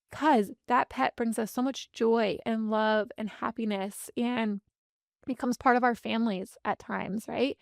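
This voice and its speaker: A woman in her thirties hosting a podcast, talking earnestly and from the heart, speeding up and slowing down to stress her points. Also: on the high side, fairly even intonation, vocal fry, dry recording, studio quality. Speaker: podcast host and business coach. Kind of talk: candid motivational podcast monologue.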